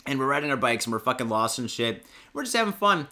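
A podcast host telling a casual story, excitable and profane, with lots of filler words. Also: male voice, medium pitch, fast talker. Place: podcast studio.

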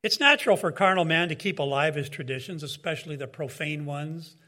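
A man delivering a sermon in an earnest, measured tone, dropping in casual asides as he goes. His voice sits a little higher than most men's. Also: animated, pushed and bright. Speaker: preacher.

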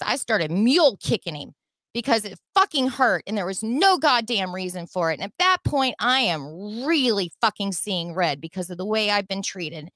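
A middle-aged woman telling a personal story as a podcast guest, in a heated, profane and animated way. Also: a little high, no echo.

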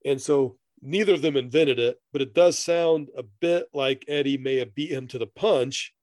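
A man's voice: mid-range voice, moderate pace, a little mellow, no room sound. A man co-hosting a podcast in casual chat, rambling through his notes and laughing often. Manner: rambling, reads passages aloud, laughs often. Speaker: podcast co-host.

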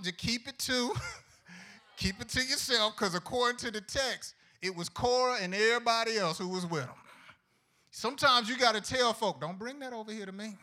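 High, bright-voiced preaching man. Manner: call-and-response preaching with questions to the congregation; folksy, humorous delivery with acted-out prayers. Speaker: pastor. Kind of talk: sermon to young people.

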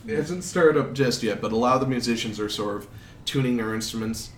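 A man narrating a tabletop game as game master, unhurried and amused. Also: medium pitch, recorded from a distance. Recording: roomy, noisy.

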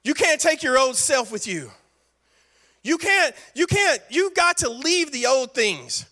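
A man's voice: very high voice, big pitch swings, a little slow, sharp tone. A man pastor preaching a sermon with emphatic repetition and playful asides.

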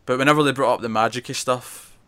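Bright-voiced man hosting chat. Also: medium pitch, smooth. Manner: animated, quick, chatty, trails off mid-sentence. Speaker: podcast host. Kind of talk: casual comic book review chat.

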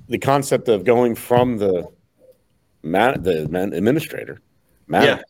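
A man's voice: lowish voice, animated, measured pace, long pauses, a little mellow, no room sound. A man hosting a podcast, asking his guest questions in a casual, reflective way. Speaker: podcast host.

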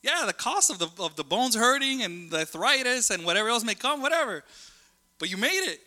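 A man preaching a sermon in a chatty, animated way, telling family stories and jumping between thoughts. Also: extremely high pitch, fairly quick, long reverb tail.

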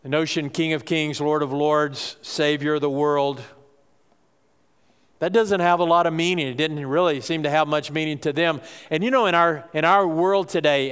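Pastor guy preaching, kinda high voice, smooth and clear, big echoey church hall. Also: fairly bright tone. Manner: conversational preaching with restarts, building to raised emphasis. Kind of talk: sermon.

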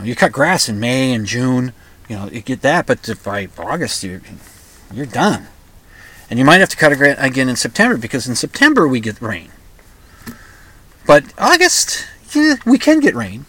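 A middle-aged man from the upper Midwest, hosting his own show in a rambling, halting monologue full of restarts. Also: mid-range voice, a bit bright. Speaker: podcast host. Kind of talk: casual monologue.

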